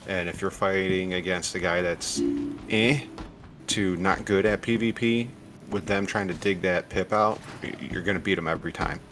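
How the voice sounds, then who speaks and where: Deep-voiced man chatting over gameplay. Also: moderate pace, over music. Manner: relaxed, explains tactics with many fillers and restarts. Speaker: gaming streamer. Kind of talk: casual gameplay commentary.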